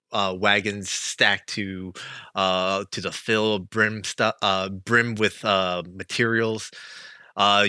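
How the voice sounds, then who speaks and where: A man narrates a tabletop game slowly, with many fillers and pauses. His low voice is bright and crisp. The sound is dry and close. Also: dry recording. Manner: slow, halting with many fillers. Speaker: game master.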